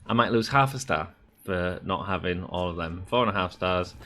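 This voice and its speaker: Brief: male gaming YouTuber, lowish voice with a bright, forceful edge, rambling casual commentary. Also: normal speed. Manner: chatty, rambling, thinks aloud with many fillers.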